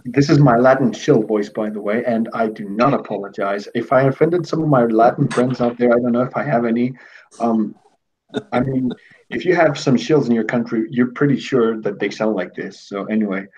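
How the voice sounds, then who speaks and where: A man from Greece hosting a casual livestream chat, telling stories in a rambling, animated way. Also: medium pitch, moderate pace, slightly rough, lo-fi sound. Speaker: host.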